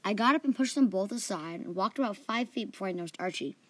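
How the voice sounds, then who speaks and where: A woman's voice: mid-range voice, expressive, fast, slightly rough, no room sound. A woman hosting a story podcast, narrating in first person with playful asides.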